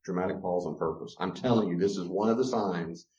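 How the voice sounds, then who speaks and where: A man giving a teaching talk on relationships. He is animated and acts out the voices he quotes. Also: sits low, a little fast. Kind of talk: lecture-style teaching. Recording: roomy, slightly dull sound.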